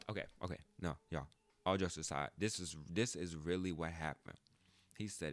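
A man's voice: deep voice, fairly quick, sharp tone, dry recording. A man hosting a podcast, telling a story in a casual, joking monologue and swearing freely. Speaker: podcast host.

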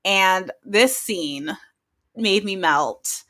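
Bright, excitable woman podcast host. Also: mid-range voice, very slow. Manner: excitable, gushing, laughs often. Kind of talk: casual chat.

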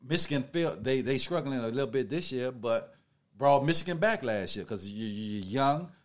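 A man's voice: mid-range voice, lively intonation, moderate pace. A man co-hosting a sports podcast, riffing loose, slangy opinions in casual chat. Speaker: podcast co-host.

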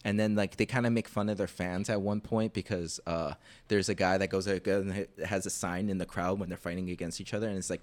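A young man chatting casually, rambling through animated story retellings. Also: low-pitched, a little fast. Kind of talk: casual chat.

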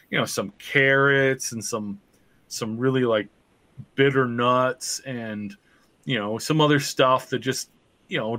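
A man co-hosting a gaming podcast, talking animatedly and building out a theory in casual chat. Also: mid-range voice. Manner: animated, talks himself into theories. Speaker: podcast co-host.

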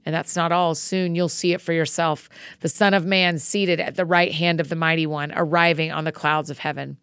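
A woman's voice: deep voice, fairly even intonation, normal speed, a bit bright, smooth, no room sound, studio quality. A woman reading Jesus, firm and direct. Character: Jesus, calm grown man, firm and direct.

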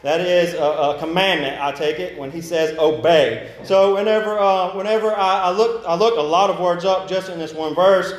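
A young man preaching in a church, his slightly high voice ringing around the room. He talks in a halting, searching way with frequent restarts, slows down to read scripture, and lifts his voice when he prays. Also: fairly even intonation, echoey room, slight background noise, low-quality recording. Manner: halting, many restarts and fillers; slow measured scripture reading. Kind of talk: sermon. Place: church sanctuary.

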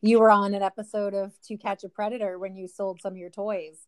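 A woman's voice: medium pitch, flat delivery, brisk, smooth. A woman co-hosting a casual talk show, teasing and laughing. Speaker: podcast co-host. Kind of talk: casual chat.

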